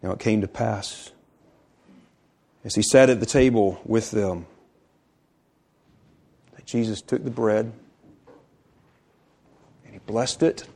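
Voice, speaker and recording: A man preaching a sermon in an emphatic, repetitive way, slowing on key phrases and dropping to a near-whisper for stress. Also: fairly low pitch, gravelly, darkish tone, slightly rough.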